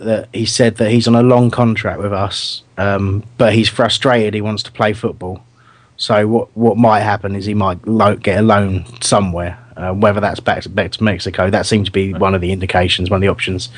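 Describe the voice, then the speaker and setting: A man's voice: lowish voice, moderate pace. A man hosting a casual fan podcast, talking in a rambling, hesitant way with many restarts. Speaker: podcast host.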